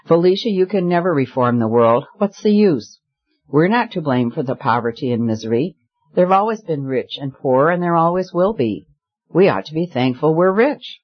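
A man's voice: on the high side, lively intonation, normal speed, pitched above the performer's own voice. A man voicing a spoiled, bored rich young woman who talks carelessly and with petulance, in a slightly muffled recording. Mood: petulant.

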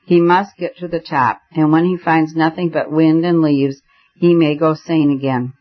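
A worried young gentleman speaks in short, urgent bursts, read by a man. His voice sits fairly high. The recording sounds a little dull and muffled. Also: steady tone, moderate pace, natural voice. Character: anxious young gentleman climbing a tree.

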